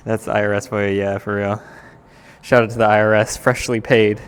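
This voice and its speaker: A man's voice: medium pitch, fairly even intonation, a little slow, long pauses, a bit bright, clear, resonant tone. A young Australian man with a mid-range voice chats loosely on a live stream, full of slang and filler words. A long reverb trails behind his voice. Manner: laid-back, slangy, lots of "like". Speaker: skateboarder and streamer. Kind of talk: casual live-stream chat.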